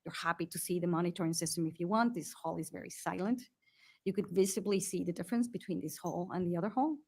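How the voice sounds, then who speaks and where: Halting woman giving testimony. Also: on the low side, darkish tone. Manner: hesitant, halting, many fillers. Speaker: witness at a hearing.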